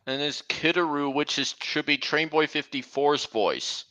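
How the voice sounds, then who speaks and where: A young man hosting a casual livestream, talking in a halting way with many restarts. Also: fairly high pitch, bright, forceful tone, poor audio. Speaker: livestream host. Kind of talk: casual stream chat.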